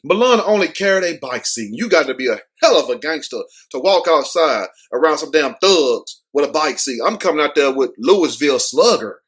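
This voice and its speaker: A man hosting his own show, riffing on a news story in a loose, joking way. He curses freely and drops street slang. His voice sits a bit higher than most men's. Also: animated, normal speed, hardly any pauses, fairly bright tone. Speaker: show host. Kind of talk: casual profane news commentary.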